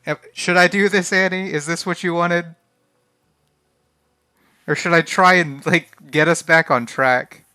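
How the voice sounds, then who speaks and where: A man's voice: fairly high pitch, steady tone, unhurried, pauses often, sharp tone, clean tone, no echo. A young man streaming a text adventure game, reading the game text aloud in a casual, flustered way and often laughing. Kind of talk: casual live-stream commentary.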